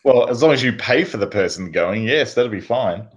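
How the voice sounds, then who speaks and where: A man's voice: medium pitch, expressive, moderate pace, slight background noise. A man co-hosting a podcast in casual chat, teasing his co-host and laughing often.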